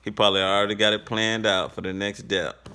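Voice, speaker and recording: A man's voice: lowish voice, flat delivery, a little fast, bright, forceful tone, slight background noise. A young man telling a story to camera in a laid-back, slangy way, full of fillers. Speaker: vlogger.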